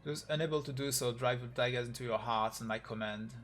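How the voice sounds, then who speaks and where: A man's voice: medium pitch, fast, fairly bright tone. A man on a live stream reading a game's story aloud, voicing every character in his own voice and getting emotional.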